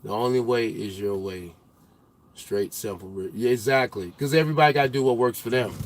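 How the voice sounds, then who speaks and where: A young male trucker hosting a casual livestream, chatting with viewers in loose slang and getting loud and animated as he teases the chat. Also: mid-range voice, fairly quick, slight background noise. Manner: loose slang-heavy banter, gets loud and animated when teasing chatters.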